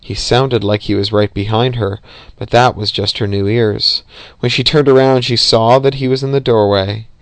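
A man's voice: on the low side, normal speed, no room sound. Man reading a novel aloud. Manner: even, occasional slips and sighs. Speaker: narrator.

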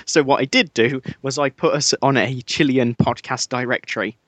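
A man's voice: medium pitch, normal speed, fairly bright tone, no room sound. Man, Midlands accent, podcast co-host, dry wit, lots of ums, close dry mic. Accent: English Midlands. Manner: dry, self-mocking humor with many fillers. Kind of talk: casual podcast chat.

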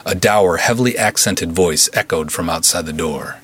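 A man narrating a pulp-style serial story in a measured, vivid storytelling manner. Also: deep voice, a bit bright, breathy edge. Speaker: writer and narrator.

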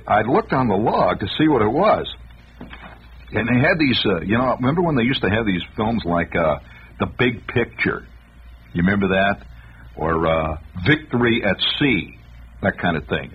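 A middle-aged man telling a comic monologue, animated, humming tunes and acting out voices. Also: on the low side, moderate pace, slight background noise. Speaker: storyteller. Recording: dull lo-fi radio recording.

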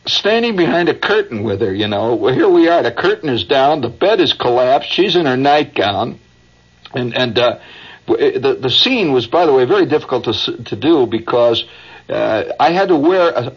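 A man's voice: mid-range voice, sing-song, moderate pace, slightly rough. A man hosting a radio show, telling a rambling anecdote with chuckles and asides, recorded as a dull old broadcast. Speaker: radio host.

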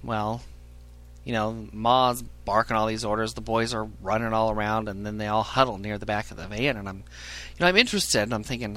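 A man telling a crude comic story in a casual, animated way, swearing freely and laughing at his own jokes. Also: on the low side, brisk. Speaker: podcast storyteller.

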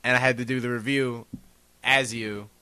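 A man's voice: medium pitch, fairly even intonation, normal speed, bright, forceful tone, smooth. A man co-hosting a podcast, talking casually with blunt, crude, wry humor. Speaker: podcast co-host.

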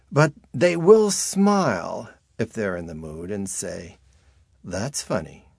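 A man reads an audiobook slowly and deliberately in a low voice. His first-person telling is dry and wry. The recording is close and dead, with no room around the voice. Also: dry recording. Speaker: narrator. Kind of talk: audiobook narration.

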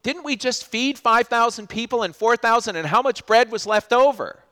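Stern frustrated male teacher, acted by a man preaching, raised pitch, exasperated questions. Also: huge pitch swings, fast talker, creaky, breathy edge, in a large hall, exaggerated voice.

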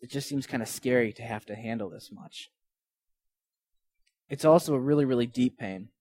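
A man's voice: mid-range voice, normal speed, darkish tone, dry recording. A man giving an earnest, conversational sermon, retelling and reading Bible passages. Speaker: pastor.

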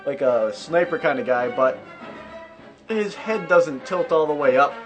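A man's voice: on the high side, lively intonation, unhurried, over music. A young man co-hosting a podcast, chatting casually and jokingly while playing a video game. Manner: joking, rambling, loud outbursts. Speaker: podcast co-host. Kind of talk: casual gaming chat.

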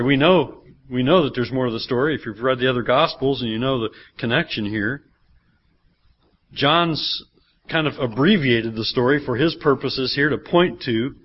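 A man preaching a sermon in a church, at a medium pitch. His delivery swings between a soft, low teaching voice and loud, high exclaiming. The recording is dull and lo-fi. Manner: animated preaching, acting out voices of the people in the reading. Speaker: pastor.

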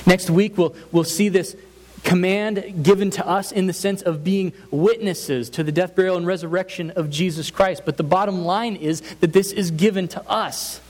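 A man's voice: high voice, steady tone, moderate pace, a little mellow, rough recording. A man preaching a sermon as pastor, earnest and emphatic, building points through repeated phrases. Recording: faint hiss.

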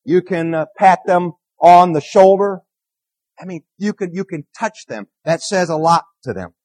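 A man's voice: sits high, moderate pace, darkish tone, no room sound. A man preaching a conversational sermon as a minister, earnest, repeating key phrases and putting questions to the congregation.

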